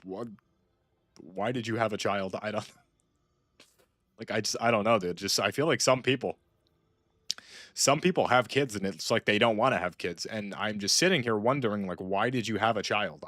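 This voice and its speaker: Rambling young man, low dry voice. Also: a bit bright, dry recording. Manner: rambling, full of "like" and restarts. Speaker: gaming streamer. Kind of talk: casual gaming chat.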